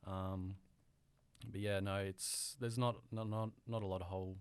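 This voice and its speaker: Young Australian man, smooth low voice. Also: level tone, a little slow, no room sound. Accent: mild Australian. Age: young adult. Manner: hesitant, filler-heavy, rambling. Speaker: guest audio engineer. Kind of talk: casual podcast interview.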